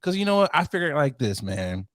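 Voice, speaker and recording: A man co-hosting a podcast in casual chat, animated and laughing often, acting out quotes in put-on voices. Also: fairly high pitch, quick pace, no echo, studio quality. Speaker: podcast co-host.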